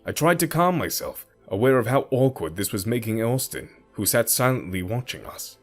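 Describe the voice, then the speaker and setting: A man narrating a first-person romance story in an expressive storytelling manner. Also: medium pitch, moderate pace, hardly any pauses. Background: faint music.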